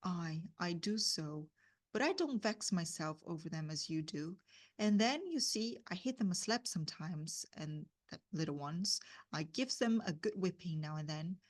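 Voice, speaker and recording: A woman's voice: fairly low pitch, expressive, moderate pace. A woman reading as a blunt old-fashioned nurse. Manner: read plainly, without the character's dialect. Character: blunt working-class woman nurse, plain-spoken.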